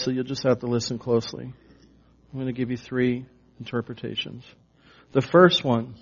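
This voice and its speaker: Conversational male preacher, slightly dull audio. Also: mid-range voice. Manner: conversational, emphatic, many fillers. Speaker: pastor. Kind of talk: sermon teaching.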